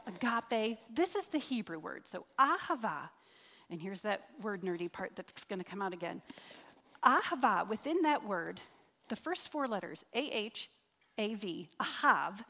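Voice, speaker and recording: A middle-aged woman with a fairly bright voice on the high side delivers an earnest sermon in a church sanctuary, stretching key words out for emphasis. As the church speaker, she leads the congregation in prayer, and the hall sounds reverberant.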